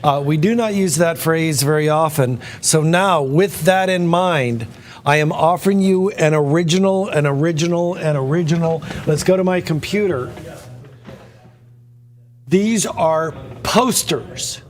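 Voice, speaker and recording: A man's voice: a little high, measured pace. A man hosting a live art auction, presenting a painting in a chatty, enthusiastic storytelling way. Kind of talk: presenting artwork on live stream. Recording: echoey hall with long reverb.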